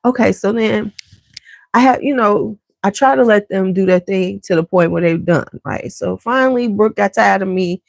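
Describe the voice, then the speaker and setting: A woman's voice: medium pitch, normal speed, no echo. A middle-aged woman vlogger chatting casually to her viewers and telling a family story from her home basement. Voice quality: gravelly, chatty and conversational.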